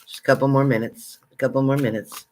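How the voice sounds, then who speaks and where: A man hosting a casual livestream, chatting with viewers and greeting them by name, excitable and exclamatory. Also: medium pitch, fast, slight background noise. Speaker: livestream psychic reader. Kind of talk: casual live chat with viewers.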